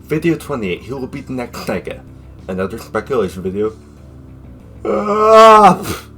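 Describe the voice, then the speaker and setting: A man's voice: fairly low pitch, expressive, a little fast, husky, soft background music. A man narrating a casual video review in an offhand, sarcastic way, dropping joking asides. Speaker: YouTube reviewer.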